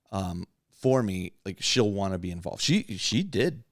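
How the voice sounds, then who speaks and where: A man's voice: low voice, animated, unhurried, no room sound, clean studio sound. A man hosting a podcast, chatting casually and candidly about his hobby and life, rambling and laughing often. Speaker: podcast host.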